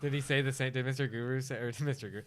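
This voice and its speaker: A man's voice: medium pitch, fairly even intonation, racing, clean tone. A man co-hosting a casual podcast, laid-back and agreeable, speaking in short replies full of bro slang. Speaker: podcast co-host. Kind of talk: casual chat.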